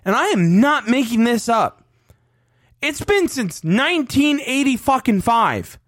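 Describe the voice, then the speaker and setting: A man's voice: extremely high pitch, very animated, a little slow, dry recording, studio quality. A man in his thirties ranting on a fan sports podcast, profane and heated. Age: 30s. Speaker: podcast co-host.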